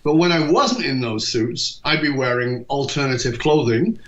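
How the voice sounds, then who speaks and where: In a storytelling interview, a man from England in his fifties, known as a leadership speaker, brings quoted dialogue to life with a lively, mid-range voice. Quick asides pepper his talk, and the podcast recording sounds dull and lo-fi.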